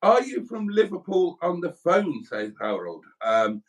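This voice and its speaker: A man's voice: high-pitched, sing-song, a little slow. A middle-aged man from South Wales hosting a casual livestream, chatting in a rambling, self-deprecating way as he reads out viewer comments. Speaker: livestream host.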